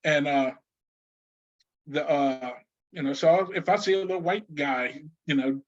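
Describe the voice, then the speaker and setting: A man with a notably high voice tells stories as a guest, laughing and restarting as he goes. The audio is slightly muffled and lo-fi. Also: unhurried. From New Orleans. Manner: animated storyteller, laughs often, many restarts. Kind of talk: casual conversation.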